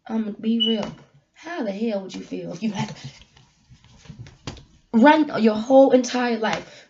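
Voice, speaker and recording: Slow-talking woman, dull lo-fi sound. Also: high-pitched. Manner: candid and emotional, swings between soft quiet lines and loud emphatic ones. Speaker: vlogger giving a personal message. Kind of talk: heartfelt personal talk, sermon-like.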